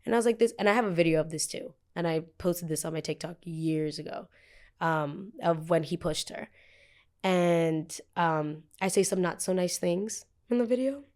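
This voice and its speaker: A woman's voice: on the low side, normal speed, darkish tone. A young woman in her twenties hosting a podcast, telling a heated story in a casual, profane way and acting out the people she quotes. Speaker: podcast host.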